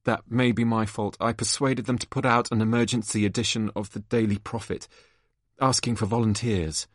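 Determined witch mother, low man reading, brisk. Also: fairly even intonation, no echo, clean studio sound, lightly acted.

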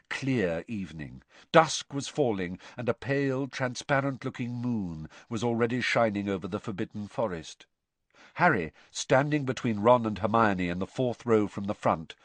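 Man, storybook narration, expressive, lively pitch, suspense-building, dry close studio mic. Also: no echo. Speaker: audiobook reader.

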